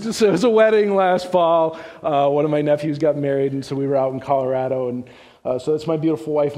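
A man's voice: on the high side, dark tone. A middle-aged man giving a sermon, telling stories in a loose, chatty way with frequent restarts, his voice rising as a story builds. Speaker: visiting speaker on church missions. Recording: long reverb of a large hall.

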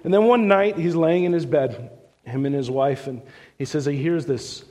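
A middle-aged man preaching in a church sanctuary, his somewhat high voice trailing off into the long echo of a big hall. He talks loosely and chattily, restarting his sentences often. As a story builds, he grows animated and his voice climbs. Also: moderate pace, noisy background. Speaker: visiting speaker on church missions. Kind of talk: sermon storytelling. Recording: long reverb of a large hall.

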